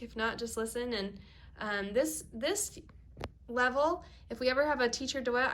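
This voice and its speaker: Piano teacher woman, higher voice. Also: a bit bright, a little hiss or hum. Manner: patient step-by-step explaining, asks "okay?" often. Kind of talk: video piano lesson. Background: piano playing.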